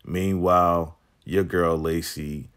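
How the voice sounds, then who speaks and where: Deep male voice, lively recap host who acts out the lines. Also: slow pace, clean tone. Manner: animated storytelling, acts out quotes. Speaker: TV recap vlogger. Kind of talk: casual episode recap.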